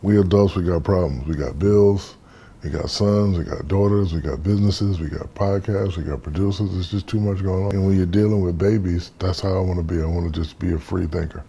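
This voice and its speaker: A man in his fifties from the United States, an interview guest telling stories in a relaxed, casual way and acting out the voices in them. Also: deep voice, brisk, hardly any pauses, breathy edge. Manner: relaxed storyteller, acts out quoted dialogue.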